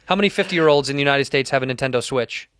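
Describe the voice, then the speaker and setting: Brief: male podcast co-host, bright voice, needling teaser, dry close mic. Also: mid-range voice, racing, dry recording. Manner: teasing, needling, laughs loudly. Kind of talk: casual comedic chat.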